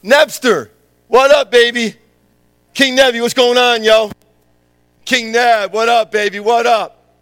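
A man voicing carefree young men who chat in breezy, slangy, loud banter. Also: very high-pitched, steady tone, takes it slowly, long pauses, clean tone, in a large hall, pitched above the performer's own voice, full character voice. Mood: casual cool. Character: laid-back young men, cool slang.

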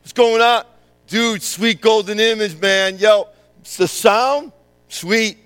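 A man voicing carefree young men who chat in breezy, slangy, loud banter. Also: high voice, slow, clear, resonant tone, in a large hall, pitched above the performer's own voice. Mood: casual cool. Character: laid-back young men, cool slang.

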